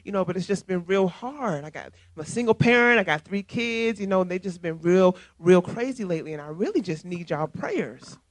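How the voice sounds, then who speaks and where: A man's voice: high voice, lively intonation, no room sound. A man voicing a tired, stressed single mother. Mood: weary. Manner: soft, tired, halting. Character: weary single mother, stressed, asking for prayer.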